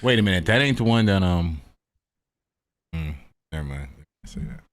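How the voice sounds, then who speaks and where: A man's voice: low voice, lively intonation, normal speed, dry recording. A man in casual podcast chat, reacting often and hyping up the others.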